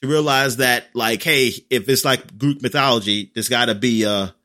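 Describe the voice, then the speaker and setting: A man in casual chat, recapping an episode in a rambling way with lots of fillers and lively quoted lines. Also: medium pitch, normal speed.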